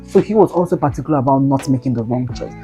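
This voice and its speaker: A woman in her twenties tells a personal story in a casual, animated way, with slangy exclaiming asides to her viewers. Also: extremely low pitch, fast. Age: 20s. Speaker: vlogger. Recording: faint guitar music behind.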